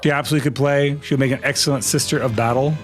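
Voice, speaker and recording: A man streaming a game live, talking playfully with a co-player and breaking into goofy shouted chants as he narrates his moves. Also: mid-range voice, steady tone, rapid-fire, faint music behind. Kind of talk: live gaming stream commentary.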